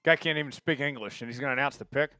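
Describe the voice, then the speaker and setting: A man's voice: mid-range voice, very fast, dry recording, soft background music. A man hosting a live draft stream, chatting casually with viewers and hyping each pick. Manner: chatty, excitable, hypes viewers for likes.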